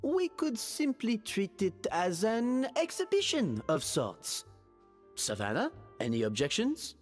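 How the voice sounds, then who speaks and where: An actor playing a theatrical, genteel hotel manager in a game, speaking in flowery, grandiose phrases. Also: male voice, high voice, wildly swooping pitch, slow, full character voice. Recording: reverberant game audio with music.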